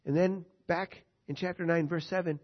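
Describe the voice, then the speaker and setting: A man's voice: a little high, steady tone, normal speed, muffled recording. A man teaching a Bible study lesson, reading scripture aloud and then explaining it in plain words, with rhetorical questions to his listeners.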